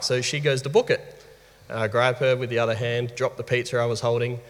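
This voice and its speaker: A man in his thirties with an Australian accent, telling a candid personal story as a father, lively and laughing often. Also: medium pitch, brisk. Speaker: guest father. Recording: reverberant room.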